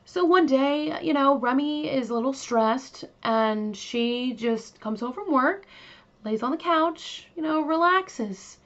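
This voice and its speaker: A woman's voice: high voice, expressive, slow, fairly bright tone. A woman hosting a true crime show, telling the case in a chatty, casual way with lots of fillers and asides to her listeners. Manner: chatty, many fillers, talks to listeners directly. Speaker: true crime podcast host. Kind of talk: casual storytelling. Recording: slightly dull lo-fi recording.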